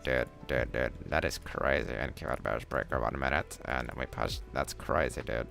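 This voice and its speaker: A man doing a deep gravelly stunned dude. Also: fairly even intonation, normal speed, fairly bright tone, faint music behind, heavily acted. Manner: drawling, repeating "dude" in disbelief.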